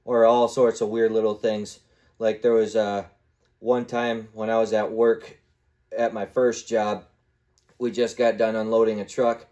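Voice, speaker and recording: A man's voice: fairly low pitch, flat delivery, a little slow, dark tone, dull audio. A man hosting his own podcast, telling rambling stories in a casual monologue and now and then slipping into little voices. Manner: rambling storyteller who acts out little voices and sound effects. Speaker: podcast host.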